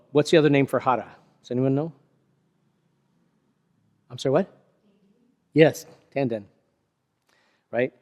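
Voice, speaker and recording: A man in the middle of teaching a karate class, talking through a technique as he demonstrates it on a partner. He explains in a chatty, easygoing way, pokes fun at himself now and then, and keeps checking in with the students. His voice sits at an ordinary pitch for a man and trails off with a long reverb from the big dojo room. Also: darkish tone. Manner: explanatory, chatty, self-deprecating with laughs. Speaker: karate instructor. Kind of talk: hands-on martial arts teaching.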